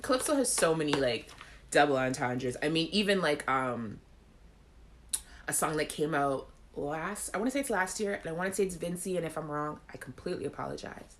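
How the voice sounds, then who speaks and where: A young woman with a Caribbean accent hosts a live chat show in a casual, animated way. Her voice sits low, and she laughs often and breaks into playful sung snippets while reading viewer comments. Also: fairly quick. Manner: animated, laughs often, acts out song lines.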